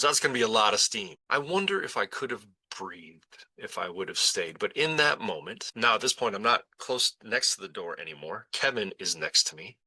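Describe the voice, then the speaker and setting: A man hosting a podcast, telling a personal story slowly and deliberately, with dramatic pauses and repetition. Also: on the low side, sharp tone, no room sound, low-quality recording. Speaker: podcast host. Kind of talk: reflective storytelling monologue.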